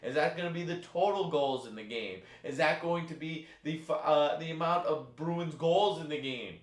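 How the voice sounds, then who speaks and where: A man hosting a live stream, calling a chat horse race with animated play-by-play and banter. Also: fairly high pitch, moderate pace, echoey room. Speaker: stream host.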